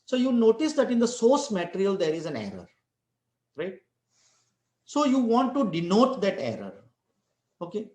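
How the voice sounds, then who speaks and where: A man's voice: high voice, very animated, moderate pace, long pauses, darkish tone, reverberant. A man giving an online lecture, explaining step by step with restarts and frequent "right?" checks. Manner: explains step by step, many restarts and tag questions.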